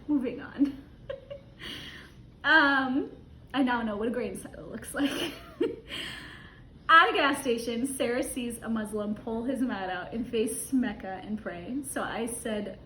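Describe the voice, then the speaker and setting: A woman's voice: fairly high pitch, takes it slowly, long pauses, bright, forceful tone, roomy sound, a little hiss or hum. A woman reading a travel story aloud and breaking off with her own asides, laughing often as she goes. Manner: giggly, laughs often through her words.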